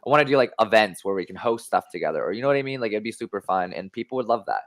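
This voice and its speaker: A man's voice: lowish voice, animated, rapid-fire. A young man hosting a casual podcast livestream from an unfinished home studio on a desk mic, brash and profane, rambling with lots of fillers. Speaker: podcast host.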